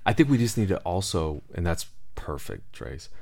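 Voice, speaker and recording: A man's voice: deep voice, very animated, moderate pace, gravelly, a little mellow. A man who is a lead pastor, speaking in an earnest, reflective podcast conversation.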